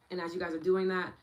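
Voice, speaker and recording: Young new york woman hosting a live tapping class, chatty and bubbly, voice sits pretty low. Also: a little hiss or hum, low-quality recording. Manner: bubbly, bursts into excited laughter. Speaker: meditation and tapping guide. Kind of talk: casual live-stream teaching while reading chat.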